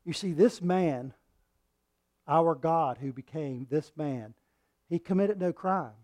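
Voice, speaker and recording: A man preaching a sermon in a slightly raised register. He reads scripture aloud, acting out the quoted lines, and his delivery swings from loud, forceful passages to near-whispered ones. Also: a little high, slow. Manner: dramatic swings between loud and hushed delivery.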